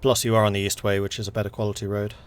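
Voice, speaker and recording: A man running a tabletop game as game master over an online voice call, narrating in an unhurried way with lots of fillers. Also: fairly low pitch, little pitch movement, clean tone.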